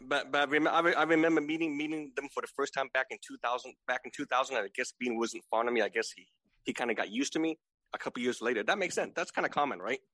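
A man in his forties talks quickly in a bright, tense voice. He stammers and repeats words, often ending with "right?" to check that others agree. His voice sounds dry and close. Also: medium pitch, no room sound, low-quality recording. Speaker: podcast guest. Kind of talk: casual remote chat.

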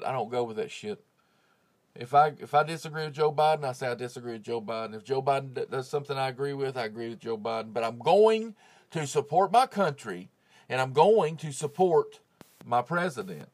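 An American man hosts his podcast from a home closet, talking into a phone with a clip-on mic. His casual monologue turns into a profane rant with loud, heated bursts. His voice sits at an ordinary middle pitch for a man. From United States. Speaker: podcast host.

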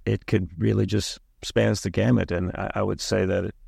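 A middle-aged man with a deep, heavily gravelly voice and a husky edge speaks as a podcast guest. He tells his stories in a measured, reflective way. The sound is close and dry. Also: little pitch movement, a little mellow, no room sound. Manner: thoughtful, storytelling, measured. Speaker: urologist guest. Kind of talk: conversational interview.

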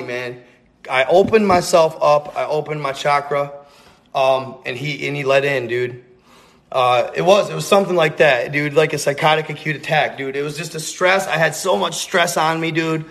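List: man, gravelly voice, slightly high, casual profane storytelling, slangy, rambling, intense. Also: moderate pace, fairly bright tone. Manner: earnest, intense.

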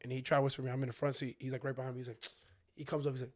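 Racing along in a mid-range voice, this young podcast co-host spins a casual, slang-heavy story. He's animated throughout and performs his friends' voices as he goes.

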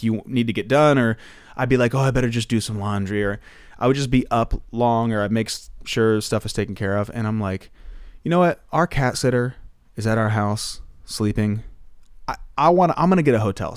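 A man's voice: mid-range voice, fairly quick, dry recording. Male singer guest, chatty filler-heavy storyteller, close dry mic. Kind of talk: casual anecdote telling.

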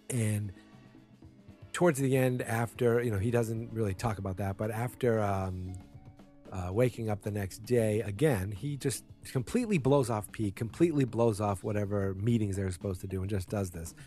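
Faint music sits behind a man with a warm, lowish voice as he recaps a TV episode at a moderate pace. It's a rambling, casual retelling full of fillers and restarts, with characters' lines acted out through small changes in his voice.

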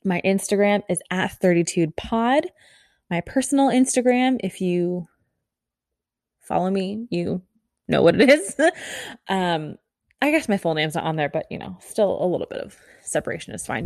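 A woman in her thirties hosting a casual solo podcast, talking fast and bubbly, rambling with lots of "like" and little laughs. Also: fairly low pitch, expressive, gravelly, darkish tone, no room sound, clean studio sound. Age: 30s. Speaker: podcast host.

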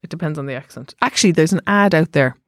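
Deep-voiced deadpan Cork woman. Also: fast, dry recording. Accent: Cork Irish. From Cork, Ireland. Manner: dry, deadpan, blunt. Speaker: podcast host. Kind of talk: casual chat.

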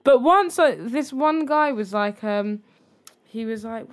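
A woman's voice: fairly high pitch, steady tone, unhurried. Blunt young woman. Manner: frank, blunt, swears casually. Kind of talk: casual chat.

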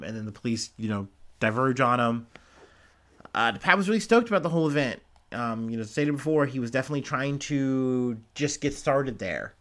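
A man's voice: medium pitch, fairly bright tone. Man, casual news-commentary host, profane, rambling, unscripted. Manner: loose, profane, rambling with many fillers.

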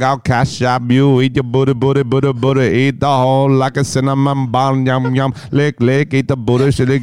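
A man's voice: medium pitch, darkish tone, smooth, no room sound, pitched above the performer's own voice, lightly acted. A man putting on a boastful male dancehall singer impression, chanting in an exaggerated sing-song way.

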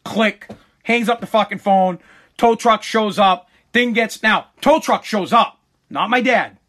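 A man's voice: sits high, a little slow. A man telling a long personal story in a casual, profane way, swearing freely and tripping over his words as he goes. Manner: animated, swears freely, stumbles and repeats words.

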